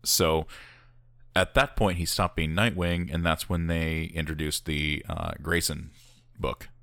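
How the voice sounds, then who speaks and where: A man's voice: very deep voice, steady tone, a little slow, a bit bright, no room sound, studio quality. A man co-hosting a casual podcast, eagerly explaining story details to his co-host. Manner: enthusiastic, explains plot details. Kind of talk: casual chat.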